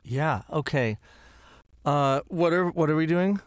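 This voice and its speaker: Man describing his character, very slow, smooth clear voice, dry sound, playful. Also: a little high, no echo. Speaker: player. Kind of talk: casual chat, describing a character.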